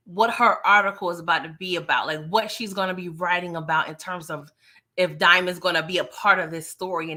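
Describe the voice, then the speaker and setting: A woman from New York casually recapping a TV episode, chatty and sassy with animated asides. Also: lowish voice. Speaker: TV recap vlogger.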